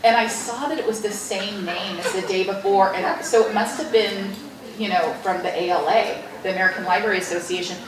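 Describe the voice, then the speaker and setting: A woman's voice: medium pitch, brisk, a crowd in the background. A middle-aged woman author telling stories in an interview at a library event, often laughing as she talks. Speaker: author guest. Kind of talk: storytelling interview. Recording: roomy, distant mic with background hiss.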